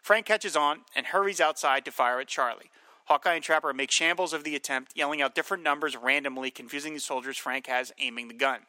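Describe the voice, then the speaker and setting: A man co-hosting a podcast who recaps a TV episode and chats about it in a lively way, now and then mimicking lines from the show. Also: a little high, no room sound. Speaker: podcast co-host. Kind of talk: episode recap and casual chat.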